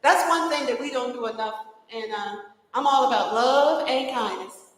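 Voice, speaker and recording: A woman emcees a live community gathering in a lively, chatty way, breaking into laughter between remarks. Her voice sits a little high. The sound carries a heavy echo with a long reverb tail from a large church hall. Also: normal speed. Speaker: event emcee. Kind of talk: live event announcing.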